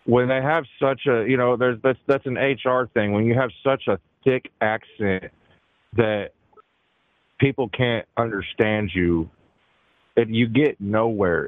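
A man's voice: on the low side, unhurried, no echo. A man calling in to a talk show, venting in a rambling, profane, exasperated way. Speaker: caller. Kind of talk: call-in chat. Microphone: phone. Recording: tinny dry phone line.

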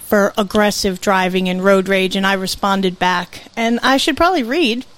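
A woman's voice: mid-range voice, fairly bright tone. A woman co-hosting a casual podcast livestream, brash and profane, tired after a long workday. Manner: brash, profane, fast-talking. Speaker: podcast co-host.

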